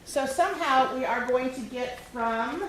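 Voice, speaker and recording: A woman's voice: high voice, measured pace. A woman hosting a live improv show, upbeat and laughing as she sets up games for the audience. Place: large hall with live audience. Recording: echoey hall, crowd noise.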